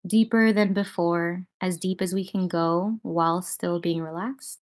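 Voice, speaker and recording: A woman guiding listeners through a breathing and voice exercise on a video call, talking casually and calmly with many filler words. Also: lowish voice, normal speed, hardly any pauses. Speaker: breathwork and voice teacher. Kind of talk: guided breathing lesson on a group call. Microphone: video call with noise cancelling.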